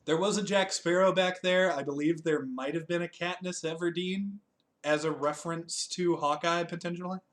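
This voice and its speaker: A man's voice: a little high, fairly even intonation, moderate pace, a bit bright. A man co-hosting a casual chat reviewing a TV special, laughing often, swearing and joking at his own expense. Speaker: podcast co-host.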